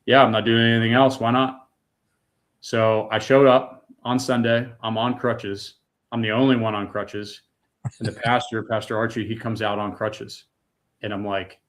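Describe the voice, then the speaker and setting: A man's voice: fairly low pitch, flat delivery, moderate pace. A middle-aged man from the United States giving an emotional personal testimony, earnest and raw, repeating words when moved. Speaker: guest.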